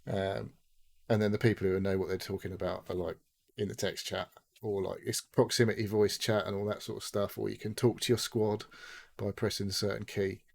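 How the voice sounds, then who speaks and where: Chatting about a game on a podcast he co-hosts, this man speaks briskly with a creaky, fairly low voice that barely moves in pitch. He rambles, swears a lot, and performs other people's quotes.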